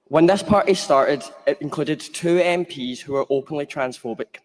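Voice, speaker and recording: A Scottish man argues his point to a conference in a steady, earnest way. His voice sits a little high. Long hall reverb follows each phrase. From Glasgow, Scotland. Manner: earnest, measured argument. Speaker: conference speaker. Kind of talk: prepared floor speech.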